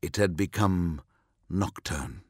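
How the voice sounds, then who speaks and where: A man narrating an audiobook in a measured, dramatic manner. His voice is low and his delivery very unhurried. The recording is dry and close to the mic. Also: husky, no echo.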